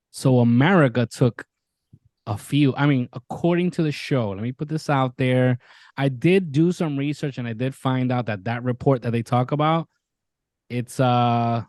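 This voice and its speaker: Animated, swearing man retelling a show. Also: medium pitch, normal speed, no echo. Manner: animated storyteller, swears freely, retells scenes with quoted voices. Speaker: podcast co-host. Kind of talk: casual chat.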